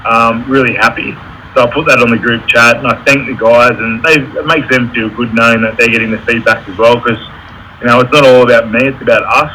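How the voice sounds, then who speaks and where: A man's voice: medium pitch, steady tone, a little fast, bright, forceful tone, a little hiss or hum, poor audio. A man, an electrical contractor telling candid stories about running his business in a casual interview. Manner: candid, storytelling with reenacted quotes.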